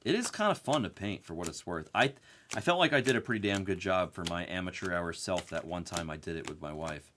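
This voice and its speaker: A man hosting a live card break, telling a story in an animated, profane rant. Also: sits low, fairly quick, slight background noise.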